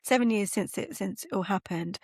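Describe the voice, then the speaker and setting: A woman's voice: mid-range voice, a little fast, gravelly, slightly rough, dry recording, clean studio sound. A woman hosting a podcast interview, encouraging her guest and laughing along. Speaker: podcast host. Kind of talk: conversational interview.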